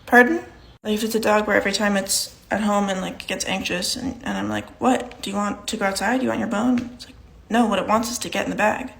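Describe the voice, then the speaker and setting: A woman's voice: medium pitch, steady tone, fast talker, gravelly, a bit bright. A young woman performing short comedy sketches, playing every part herself with a dry, matter-of-fact delivery.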